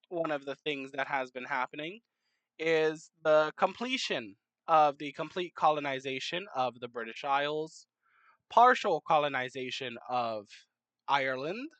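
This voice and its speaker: A young adult talks through a map timelapse in casual commentary, rambling and correcting themselves as they go. The pitch sits in an ordinary middle range. The recording is dry and close, with no room sound. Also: fairly bright tone, clean tone, no echo, low-quality recording. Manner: rambling, many fillers and self-corrections, joking asides. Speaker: narrator of a map timelapse series.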